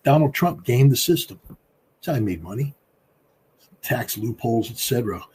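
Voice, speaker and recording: Husky, emphatic man commenting. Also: expressive, normal speed. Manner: emphatic and combative, with big swings in pitch and loudness. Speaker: political commentator, former weapons inspector. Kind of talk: political commentary in an interview.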